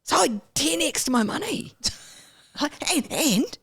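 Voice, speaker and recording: Animated woman. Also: sits high, takes it slowly, creaky, no room sound, studio quality. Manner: animated, acts out her own past self with sudden squeals and whispers. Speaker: guest. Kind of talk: storytelling in a casual interview.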